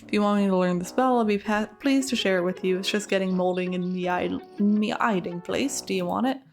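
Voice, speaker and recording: A woman's voice: mid-range voice, a little fast, soft background music, lightly acted. A woman voicing a chatty old male cave hermit who rambles in folksy dialect grammar, reading his lines in a put-on accent. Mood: cheery rambling.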